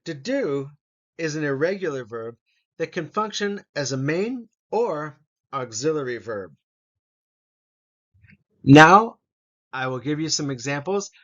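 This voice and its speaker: A man teaching an English grammar lesson, slowly reading out example sentences. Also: on the high side, expressive, a bit bright, dull audio. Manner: slow, deliberate, reads example sentences aloud.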